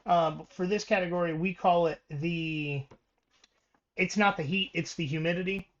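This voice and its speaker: A man's voice: sits high, fairly even intonation, normal speed, highs cut off. A man co-hosting a podcast, talking casually about sports and reading through records with ums and restarts. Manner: reads stats with many ums and restarts. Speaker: podcast co-host.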